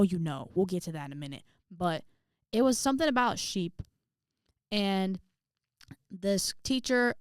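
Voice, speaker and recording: A woman's voice: mid-range voice, clear, resonant tone, no echo, studio quality. A young woman from Indiana telling a story in a casual, chatty vlog, full of fillers and acted-out quotes. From Indiana, USA. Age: young adult. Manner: chatty, animated, many fillers, acts out quotes. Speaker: vlogger.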